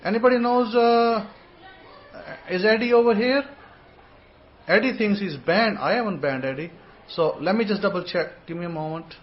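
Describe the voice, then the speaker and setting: A man hosting an informal online scripture lesson, rambling and repeating words, sometimes sounding out syllables slowly. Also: high-pitched, dull audio, a little hiss or hum. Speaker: host and religious teacher.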